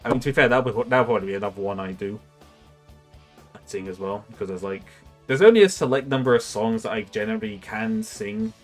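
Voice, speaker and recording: A man's voice: medium pitch, lively intonation, quick pace, vocal fry, soft background music. A young man chatting casually on a livestream, rambling and self-mocking, laughing often. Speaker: streamer.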